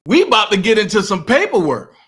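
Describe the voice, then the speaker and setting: A man hosts a casual commentary monologue, taunting a rival and reading out court papers. His voice sits high and bright, and his pitch swings widely. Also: brisk. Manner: animated, taunting, reading legal text aloud. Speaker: political commentary host.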